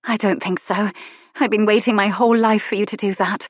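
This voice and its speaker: A woman voicing a bold, curious young heroine with an eager, breathy voice in a romance audiobook. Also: medium pitch, fairly even intonation, brisk, no room sound, pitched above the performer's own voice, lightly acted.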